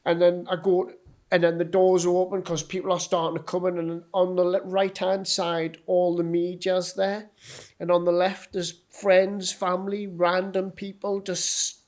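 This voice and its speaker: A man from the North East of England with a broad Geordie accent, speaking a little higher than most men. He tells his personal story as a podcast guest, blunt and sweary, slipping into the voices of the people he met. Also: level tone, unhurried, a little mellow.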